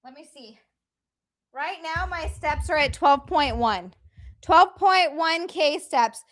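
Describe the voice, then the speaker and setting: A woman hosting a casual livestream, chatting with viewers and talking through a yoga stretch, playful and quick to swear. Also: high voice, animated, fairly bright tone, no echo, studio quality. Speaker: livestream host. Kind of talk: casual livestream chat with exercise demo. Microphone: headset.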